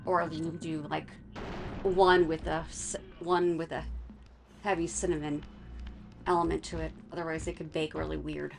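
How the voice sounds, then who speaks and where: A woman's voice: deep voice, little pitch movement, normal speed, vocal fry, faint music behind. A woman chatting casually beside a gameplay session, talking things through at length. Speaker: co-host.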